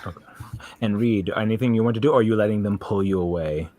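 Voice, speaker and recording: A man working as game master, explaining rules and describing scenes in a relaxed way. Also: on the low side, fast talker. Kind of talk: running a tabletop game.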